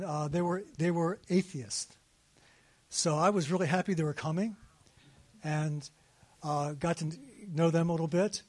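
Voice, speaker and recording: A man in his sixties telling a personal story in a sermon, animated and laughing at himself. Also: high voice. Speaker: speaker at a faith gathering.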